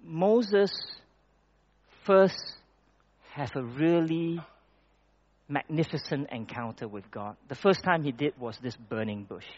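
A man preaching a conversational sermon in a church hall, often pausing and restarting his words. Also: on the high side. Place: church hall with projected slides. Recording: dull lo-fi recording.

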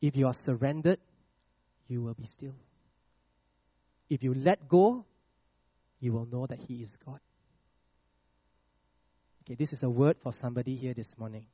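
A man preaching a sermon with a personal testimony, checking in with the congregation with "all right?" and "okay?" and dropping to a hush on scripture lines. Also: medium pitch, dry recording, highs cut off. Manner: slows and drops to a hush on scripture phrases.

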